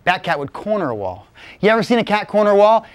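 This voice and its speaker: A man's voice: sits high, very animated, quick pace, no room sound. A man telling a playful tall tale from his childhood to a live audience. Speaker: storyteller. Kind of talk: live spoken storytelling.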